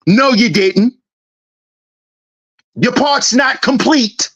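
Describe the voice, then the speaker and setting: A man's voice: very high voice, extremely slow, fairly bright tone, muffled recording. A man hosting a commentary channel, delivering a heated, preachy monologue and acting out confrontations in a dad's voice. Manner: preachy, confrontational, acts out scenes.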